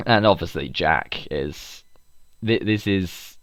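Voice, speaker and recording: A man's voice: low-pitched, animated, takes it slowly, fairly bright tone, dry recording, studio quality. A man co-hosting a podcast in casual chat, rambling, laughing often and swearing freely. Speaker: podcast co-host.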